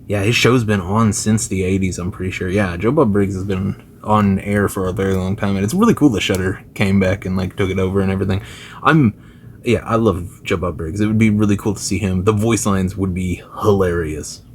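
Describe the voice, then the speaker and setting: A man's voice: sits low, a little fast, a little hiss or hum. A man talking as a gaming YouTuber in loose, enthusiastic casual commentary, full of fillers and slang.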